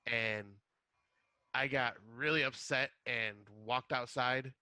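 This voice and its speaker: A young man co-hosting a podcast, spinning a self-mocking story in casual chat. His voice sounds bright and forward, and the recording is dry and close, with no room sound. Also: mid-range voice, steady tone, slow, dry recording. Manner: self-deprecating, jokey storytelling. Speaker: podcast co-host.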